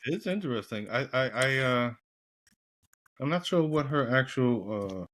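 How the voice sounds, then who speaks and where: A man's voice: mid-range voice, expressive, a little slow, a bit bright, no room sound. A man co-hosting a podcast, talking casually about a movie, hesitating and restarting his sentences. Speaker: podcast co-host. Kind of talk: casual movie review chat.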